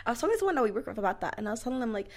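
Female podcast co-host, casual and profane, rapid chatter. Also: fairly high pitch, sing-song, darkish tone. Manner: chatty, swears a lot, fills with "like". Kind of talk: casual chat.

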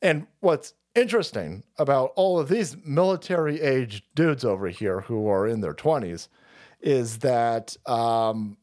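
A man's voice: medium pitch, animated, a little slow, darkish tone. A man hosting a livestream, ranting in a foul-mouthed, sarcastic way and often breaking into laughs. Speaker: livestream host.

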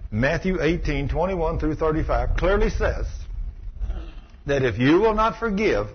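A man's voice: a little high, animated, unhurried. A man preaching, a folksy and emphatic healing school teacher who retells conversations as he goes. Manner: folksy, emphatic, recounting dialogue. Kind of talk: sermon with storytelling. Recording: muffled recording with faint background hiss.

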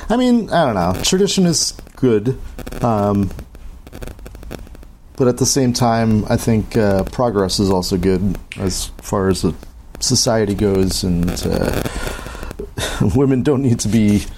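A man's voice: lowish voice, animated, slow, a little mellow, low-quality recording. A man with an ordinary mid-range voice talks through a book in loose, friendly chat. He laughs easily and trips over his own restarts. A faint hiss of noise sits under the recording. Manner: laughs often, stammers on restarts. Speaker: podcast co-host. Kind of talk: casual book-club chat.

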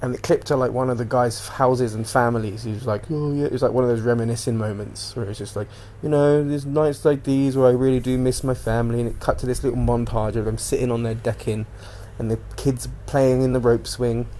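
A man's voice: mid-range voice, fairly even intonation, fairly quick, hardly any pauses, dark tone, a little hiss or hum. A man hosting a casual solo podcast, rambling and swearing as he animatedly retells what he watched on TV. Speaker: podcast host.

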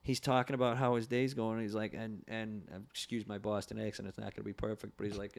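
A man's voice: mid-range voice, brisk, creaky. A man co-hosting a podcast in casual chat, telling stories and acting out quotes in goofy voices. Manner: animated storytelling, acts out quotes in funny voices. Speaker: podcast co-host.

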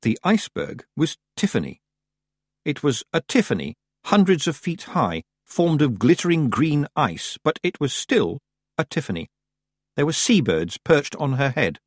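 A man narrating an audiobook in an expressive, measured storytelling manner. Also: fairly high pitch, husky, dry recording, clean studio sound. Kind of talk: scripted narration.

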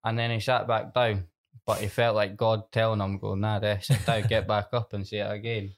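A Scottish man retelling a story in a casual chat, soft-spoken and a little halting. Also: on the low side, flat delivery.

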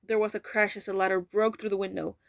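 A woman's voice: medium pitch, level tone, fast, vocal fry, dry recording. A woman reading an English novel aloud, carefully, with occasional slips and self-corrections. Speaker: reader. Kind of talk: amateur audiobook reading.

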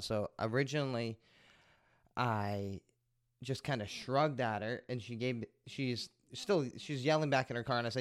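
A man's voice: medium pitch, normal speed, no echo, studio quality. Profane rambling male podcast host. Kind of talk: casual rambling monologue.

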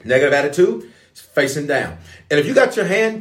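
A man preaching as a pastor, in a lively call-and-response sermon style. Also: on the high side, a little fast. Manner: call-and-response, animated, playful.

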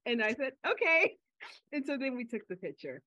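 A woman co-hosting a podcast in casual chat, telling stories in a chatty way and getting animated when she quotes people. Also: on the high side, fast, dry recording. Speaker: podcast co-host. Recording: slightly dull lo-fi audio.

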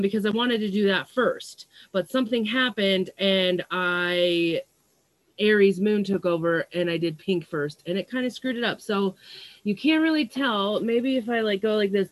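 A woman's voice: fairly low pitch, a bit bright, no echo. A young woman who works as a psychic medium, talking casually through an earphone mic in a small room at home, rambling and swearing often between fillers. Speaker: psychic medium and astrology vlogger. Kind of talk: casual livestream chat. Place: small stuffy room at home with fans running.

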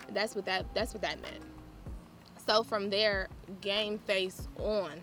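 A woman giving a candid, animated personal testimony, often laughing as she talks. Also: medium pitch, unhurried, faint music behind.

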